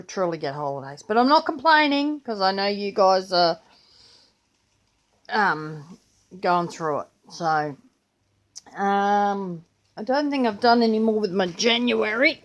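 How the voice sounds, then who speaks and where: A woman's voice: medium pitch, a little slow. An older Australian woman with a grandchild, chatting casually and rambling through her planner and pens in a vlog. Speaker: vlogger. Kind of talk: casual chat.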